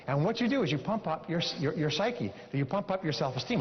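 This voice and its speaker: A man's voice: on the high side, animated, brisk, noisy background. A man giving a motivational seminar talk, emphatic, repeating key phrases and coaching his audience. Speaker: seminar speaker. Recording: dull lo-fi sound with long hall reverb.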